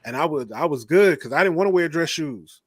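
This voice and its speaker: A man's voice: fairly high pitch, fairly quick, dry recording. A man in a casual chat telling stories with energy, acting out the people he quotes. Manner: energetic storytelling, acts out quoted voices.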